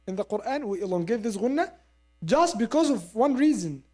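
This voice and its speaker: A woman teaching Quran recitation in a lesson, explaining step by step and modelling the sounds slowly with repeats. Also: a little high, expressive, warm tone. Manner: explains step by step, asks listeners to agree. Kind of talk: classroom lesson.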